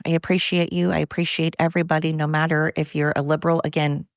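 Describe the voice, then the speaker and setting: A woman's voice: low voice, little pitch movement, quick pace, dry recording, muffled recording. A woman hosting her own podcast, ranting in a heated, blunt way and swearing freely. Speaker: podcast host. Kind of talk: solo podcast rant.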